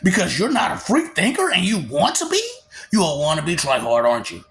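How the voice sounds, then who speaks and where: A man's voice: fairly high pitch, wildly swooping pitch, fairly quick, fairly bright tone, slight background noise. A man giving a rambling solo monologue in a manic, taunting way, breaking into cackles between lines. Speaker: vlogger.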